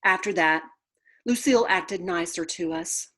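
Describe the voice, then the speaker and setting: A woman reading a children's book aloud with playful, expressive storytelling. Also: lowish voice, a little slow. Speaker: storybook reader.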